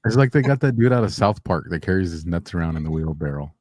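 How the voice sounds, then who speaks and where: Wisecracking deep-voiced man. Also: lively intonation, quick pace, a little mellow, no room sound. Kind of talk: casual chat.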